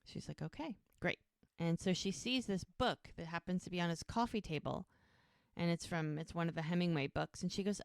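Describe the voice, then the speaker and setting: A woman's voice: lowish voice, a little fast, gravelly, no room sound, clean studio sound. A woman co-hosting a podcast, casually retelling a TV episode and acting out the characters' lines. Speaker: podcast co-host.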